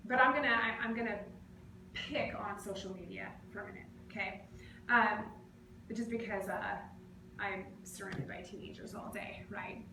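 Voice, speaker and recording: Woman preaching casually, animated, kinda high voice, echoey church. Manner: conversational and animated, acts out quoted voices. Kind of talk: casual sermon. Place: church sanctuary. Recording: echoey church room, faint noise.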